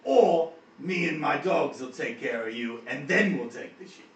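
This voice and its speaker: A man voicing a gruff, menacing orc who leads wolves, talking loud and drawn out, recorded in a roomy space from a distance. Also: on the high side, sing-song, voice pushed up. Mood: threatening. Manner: loud, laughing, drawn-out threats. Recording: roomy, distant mic, some noise.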